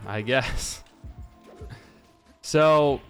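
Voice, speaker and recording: Man, casual stream chat, rambling storyteller, soft music behind. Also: medium pitch, drawn-out words, clear, resonant tone. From Washington state. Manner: rambling storyteller with frequent restarts and fillers. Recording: faint music underneath.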